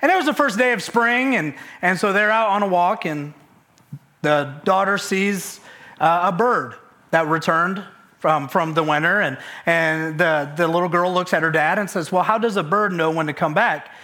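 High, bright-voiced energetic preacher man. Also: normal speed. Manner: energetic, conversational, many fillers and restarts. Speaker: pastor. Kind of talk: sermon.

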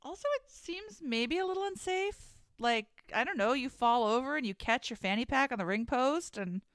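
A woman co-hosting a casual podcast chat, playful with dry deadpan jokes. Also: high voice, normal speed, dry recording. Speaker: podcast co-host.

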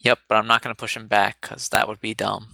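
A man's voice: on the low side, little pitch movement, brisk, creaky, bright, forceful tone, a little hiss or hum. A man playing a tabletop role-playing game, laid-back and teasing, swearing casually. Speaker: player.

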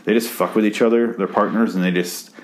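A man's voice: on the low side, fairly even intonation, brisk. A young man rambling through a sarcastic, profane recap of a TV episode. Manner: rambling, sarcastic, swears a lot.

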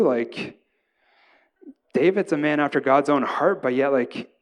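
A male pastor, around his thirties, delivers a sermon in an easygoing, chatty way, with personal stories from home. His voice sits at an ordinary mid pitch, and he keeps checking in with the room as he goes. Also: a little slow, long pauses. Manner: casual, conversational preaching with frequent "right?" asides.

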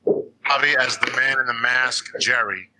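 A man's voice: mid-range voice, fairly even intonation, unhurried, sharp tone, a little hiss or hum, rough recording. A man co-hosting a casual horror podcast, joking and laughing through the chat. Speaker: podcast co-host.

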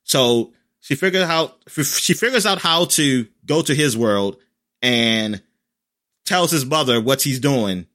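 A man in casual chat, recapping an episode in a rambling way with lots of fillers and lively quoted lines. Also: medium pitch, unhurried.

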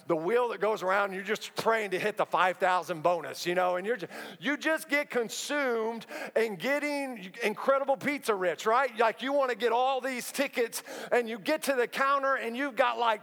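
Man, 30s, pastor, high voice, joking conversational sermon, long echoing church hall. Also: a bit bright. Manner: humorous, conversational storytelling with quick asides. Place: church auditorium. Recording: long reverb of a large hall.

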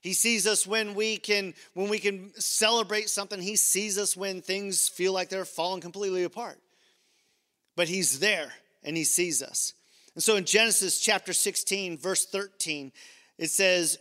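A man's voice: sits high, steady tone, normal speed, bright, forceful tone, in a large hall. A man pastor preaching a sermon in a conversational way, with playful asides to the congregation.

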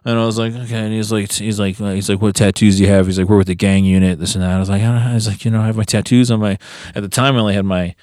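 A man's voice: very fast, few pauses, no echo, clean studio sound. A man co-hosting a podcast, telling a long story in casual chat and acting out the voices he quotes. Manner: animated, acts out quotes with big pitch jumps. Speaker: podcast co-host.

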